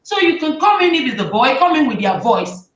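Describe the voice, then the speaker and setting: A fairly high-voiced woman gives parenting advice in an animated, conversational way, slipping into the voices of parents and children. She sits back from the mic in an echoey room, and the sound is dull and muffled. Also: fairly quick. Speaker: talk show host advising parents. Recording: roomy, distant, dull sound.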